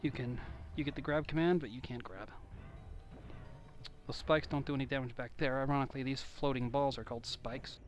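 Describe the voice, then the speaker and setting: A young man rambles through casual game commentary, tossing off jokes and digs at himself. His voice sits at an ordinary middle pitch. Video game music plays clearly underneath. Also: fairly even intonation, brisk. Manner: rambling, joking, self-deprecating. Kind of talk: casual let's-play commentary.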